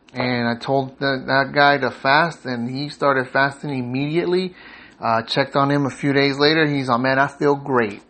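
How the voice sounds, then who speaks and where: A man hosting a podcast, telling a personal faith story in an earnest, rambling way with many fillers and restarts, growing animated as he retells his own thoughts. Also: mid-range voice. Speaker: podcast host. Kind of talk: casual spiritual storytelling.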